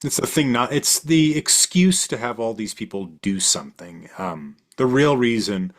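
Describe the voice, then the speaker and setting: A man's voice: mid-range voice, normal speed. A man co-hosting a podcast, casually discussing film adaptations and reading the show's closing promos. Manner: animated, thinks aloud with restarts, then reads promos. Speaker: podcast co-host.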